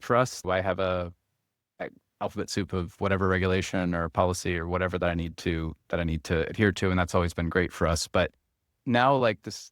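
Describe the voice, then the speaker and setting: A man who is a company co-founder, talking as a podcast guest in a quick, energetic way full of restarts. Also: low voice, dry recording, studio quality. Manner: fast, energetic talker with many restarts and "like"s. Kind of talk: casual interview chat.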